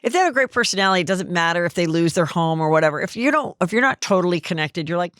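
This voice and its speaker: A woman's voice: lowish voice, rapid-fire, dry recording, studio quality. A woman hosting a podcast in casual gossip chat, telling stories and acting out the people in them. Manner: animated storyteller acting out quoted people. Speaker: podcast host.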